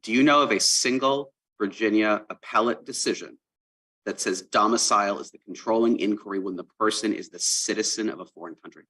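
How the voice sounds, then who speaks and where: Fast-talking, pressing male judge. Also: fairly low pitch, bright, forceful tone, breathy edge, rough recording. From Wisconsin. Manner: fast, pressing, argumentative questions. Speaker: appellate judge. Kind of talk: courtroom questioning. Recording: courtroom livestream audio.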